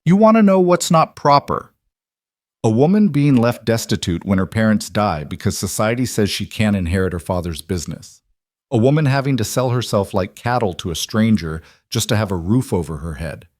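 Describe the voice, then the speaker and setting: A man's voice: lowish voice, animated, a little fast, a little mellow, no echo, studio quality. A man voicing a proud young frontier woman who speaks sharply and bitterly. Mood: indignant.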